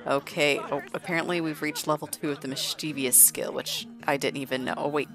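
A woman's voice: low-pitched, fairly even intonation, brisk, fairly bright tone, soft background music. A woman narrating a life-sim game in casual, chatty commentary, full of "like". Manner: chatty, heavy use of "like". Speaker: let's play narrator.

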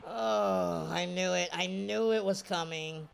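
A man commentating his own baseball video game as he plays, excitable, his voice jumping to high shouts at big plays, tired after hours of play. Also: slow pace, creaky, noisy background. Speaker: gaming YouTuber. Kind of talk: live gameplay commentary.

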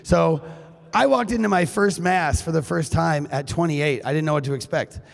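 Hoarse man in his 40s, keynote speaker, chatty and joking with lots of ums; stage mic, long hall reverb. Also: on the high side, normal speed. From Duluth, Minnesota, USA. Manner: joking, chatty, with frequent fillers. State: hoarse, recovering from lost voice. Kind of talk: humorous keynote talk. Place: large high school hall.

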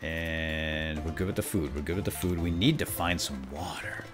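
A man commenting on his own gameplay while role-playing, excitable, breaking into loud yelps and dropping to whispers when sneaking. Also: rumbling low, normal speed, over music. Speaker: gaming video host.

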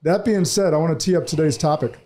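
A man's voice: a little high, quick pace, mellow. A man hosting a podcast in a studio, talking casually, emphatic and opinionated. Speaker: podcast host.

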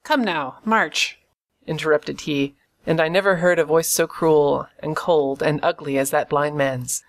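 An audiobook reader narrates a classic adventure novel with a steady, measured storytelling delivery. The voice is medium-pitched, with vocal fry.

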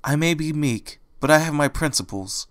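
A man voicing a meek, gentle young female pony in a fan audiobook reading, speaking softly, slowly and timidly. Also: fairly high pitch, animated, voice pushed up. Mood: earnest. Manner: soft, slow, timid and pleading.

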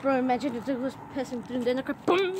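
A woman's voice: sits high, fast talker, a crowd in the background. A woman chatting casually outdoors near a street, coaxing a dog with soothing, repeated words. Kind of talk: casual vlog chat.

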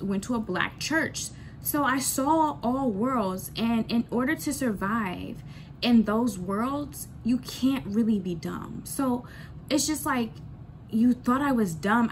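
A woman's voice: on the high side, slight background noise. A woman ranting bluntly in a candid storytime vlog, swearing freely and repeating lines for emphasis. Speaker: vlogger.

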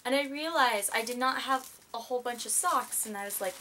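A young woman vlogger gushing and rambling in a casual unboxing chat, full of excited gasps. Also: fairly high pitch, normal speed, few pauses, slight background noise.

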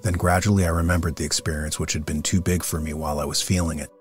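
A man reading the part of a serene, beardless male saint in an audiobook, speaking in a calm, unhurried, reverent way. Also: a bass voice, faint music behind.

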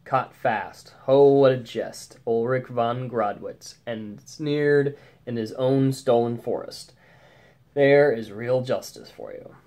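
A man's voice: medium pitch, slow, a little mellow. Snarling, mocking forest poacher, vengeful, read by a man in a story reading. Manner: mocking, savage.

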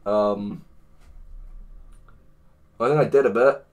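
A man's voice: on the low side, slow pace, darkish tone. A man hosting a livestream, reading chat aloud in a crude, joking way and laughing often. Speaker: livestream host. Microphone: headphones with mic.

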